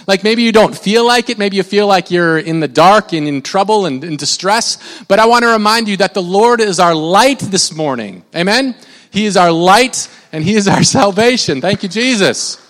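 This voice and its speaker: High-voiced pastor preaching in a reverberant hall. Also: male voice, a bit bright. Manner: conversational and rambling, with many restarts. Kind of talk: sermon. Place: church sanctuary. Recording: long reverb of a large church hall.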